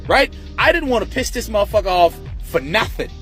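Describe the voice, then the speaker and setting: A man's voice: high-pitched, fairly quick, hardly any pauses, soft background music. A man giving blunt, profane commentary, ranting to viewers. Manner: blunt, animated, heavy cursing. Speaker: commentator reacting to a viral video.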